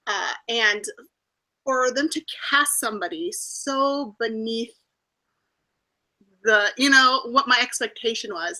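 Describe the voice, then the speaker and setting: Exasperated woman with a high, bright voice. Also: slow pace, pauses often, rough recording. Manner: exasperated, laughs often. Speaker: co-host. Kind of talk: casual chat in an online hangout. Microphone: video call.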